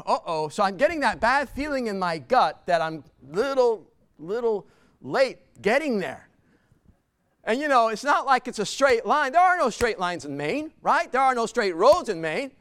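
A man's voice: very high voice, fairly bright tone, clear, resonant tone, no room sound. A man telling a personal story to a live audience in a chatty way, repeating words, laughing and asking the crowd questions.

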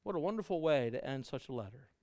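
Middle-aged man, pastor delivering a sermon; earnest, rising and falling delivery, mid pitch, clean dry close mic. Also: expressive, quick pace, dry recording. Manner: earnest preaching, swells louder then drops to soft endings.

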